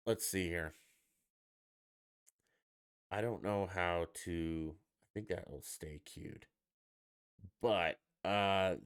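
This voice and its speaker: A man's voice: sits low, smooth. A man hosting his own stream, ranting with profanity and sarcasm in casual solo commentary. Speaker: podcast host.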